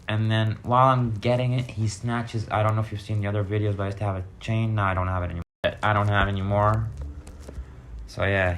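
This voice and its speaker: A man's voice: on the low side, a little hiss or hum. A man casually telling blunt, profane stories from his past, rambling with side remarks. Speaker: vlogger sharing recovery stories. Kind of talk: casual storytelling monologue.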